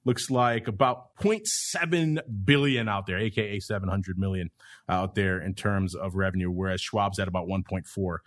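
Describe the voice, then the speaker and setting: Podcast host: man, lower pitch, chatty, wry asides. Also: normal speed. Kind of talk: casual market talk.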